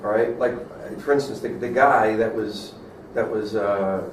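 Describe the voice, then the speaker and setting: A man's voice: fairly low pitch, fairly even intonation, a little slow. A man, a student in a class discussion, building an argument with examples. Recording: echoey room, far from mic, faint noise.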